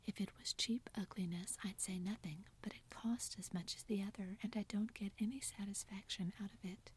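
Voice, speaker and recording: A woman's voice: mid-range voice, steady tone, a little mellow, a little hiss or hum, natural voice. A woman voicing a blunt, tomboyish young woman who lectures, in a whispered role-play. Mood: scolding. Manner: whispered, brisk and scolding.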